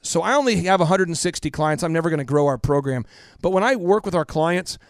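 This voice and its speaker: A man in his thirties tells stories as a podcast guest. He pushes his points with emphatic repetition and sinks to a hush in tender parts. His voice sits slightly high and sounds close and dry. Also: lively intonation, fast, no echo. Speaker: podcast guest, business coach. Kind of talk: impassioned storytelling interview.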